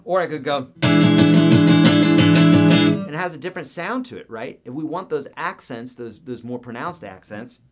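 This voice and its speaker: A man's voice: mid-range voice, expressive, normal speed, long pauses. A man hosting a live guitar Q&A, chatting casually, reading viewer comments aloud and counting out beats and picking patterns.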